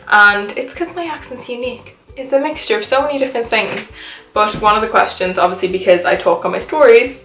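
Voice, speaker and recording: A woman's voice: medium pitch, brisk, creaky, fairly bright tone, echoey room, faint music behind, rough recording. A woman of 21 from Ireland with a mixed Irish accent that carries touches of Liverpool and American speech. She talks to camera at home, chatty and upbeat, with lots of "like". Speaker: vlogger. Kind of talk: casual chat to camera. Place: her home.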